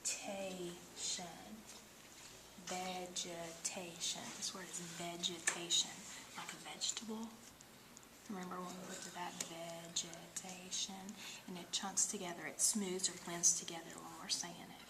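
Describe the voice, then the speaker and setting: A woman teaching phonics one-on-one, patiently sounding out syllables and often dropping to a soft whisper. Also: on the low side, fairly even intonation, a little fast, heavy background noise. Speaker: reading teacher.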